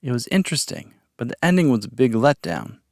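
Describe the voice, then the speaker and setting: A man's voice: medium pitch, very animated, brisk, darkish tone, dry recording, studio quality. A man voicing an earnest young male captive who speaks carefully and sincerely as he tries to befriend his captor.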